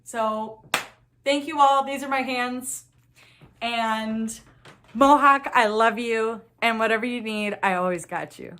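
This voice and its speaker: High-voiced woman comic, far from the mic. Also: slow pace, fairly bright tone. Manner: corny one-liners, apologetic asides, while hula hooping. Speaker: stand-up comic. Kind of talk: live stand-up set. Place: live comedy telethon venue. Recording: echoey room, voice from far off the mic.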